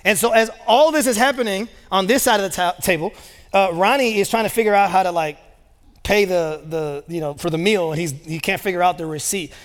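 A man's voice: high voice, fairly quick. A man preaching a sermon as pastor, telling stories in a casual way with many fillers. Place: large church auditorium. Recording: long reverb of a large church hall.

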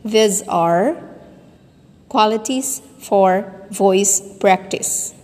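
A woman teaching voice techniques at a slow, careful pace, pausing on each term. Her pitch sits in the middle range. The recording carries a long, lingering reverb. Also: a little mellow. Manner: slow, deliberate, demonstrating sounds and stress. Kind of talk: recorded voice lesson.

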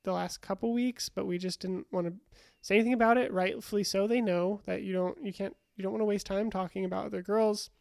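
A woman's voice: medium pitch, steady tone, brisk, vocal fry, a little mellow, no echo, clean studio sound. A young woman co-hosting a podcast, chatting casually about a reality show with lots of fillers and restarts. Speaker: podcast co-host.

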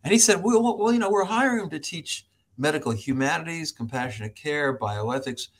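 A middle-aged American man, a professor, telling stories as a podcast guest, animated, laughing often and acting out other people's voices. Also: fairly high pitch, a little fast. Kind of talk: storytelling in an interview.

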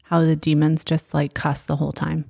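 Low gravelly woman, candid and thoughtful. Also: monotone, normal speed, darkish tone, no room sound, studio quality. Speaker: podcast co-host. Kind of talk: faith-based conversation.

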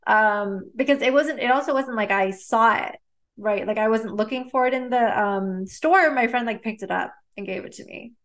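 A woman's voice: a little high, moderate pace, a bit bright. Chatty woman telling personal stories. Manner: chatty, lots of "like" and "um", laughs often. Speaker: guest, neuroscientist and author. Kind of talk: casual storytelling in a conversation.

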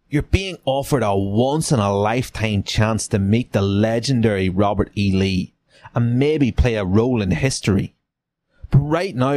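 A man's voice: mid-range voice, darkish tone, no echo, studio quality. A man hosts a podcast and reads a gamebook aloud, page by page. He narrates plainly and breaks off for cheeky, profane jokes between choices. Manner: irreverent, swears in asides. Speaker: podcast host. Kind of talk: reading a gamebook aloud with joking asides.

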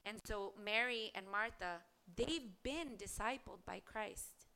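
A woman delivers a devotional podcast sermon in a bright voice. She reads scripture aloud and asks earnest rhetorical questions. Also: mid-range voice, slow, gravelly, smooth. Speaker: preacher.

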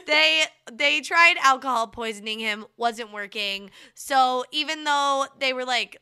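A young woman co-hosting a podcast in a casual, animated chat, joking and swearing freely. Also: high voice, unhurried, clear, resonant tone. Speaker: podcast co-host.

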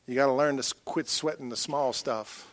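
A middle-aged pastor preaching a sermon, folksy, moving from quiet asides to loud rousing calls. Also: male voice, mid-range voice, steady tone, moderate pace, no echo.

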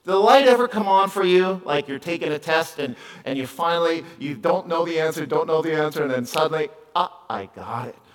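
A middle-aged man preaching a conversational sermon, moving between quiet asides and loud, emphatic calls. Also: a little high, brisk, few pauses, poor audio. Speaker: pastor.

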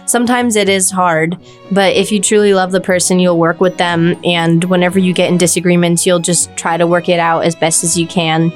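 A woman's voice: on the low side, level tone, fairly quick, soft background music. A young woman co-hosting a casual podcast, talking earnestly and hedging often with "like". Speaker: podcast co-host. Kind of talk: casual chat.

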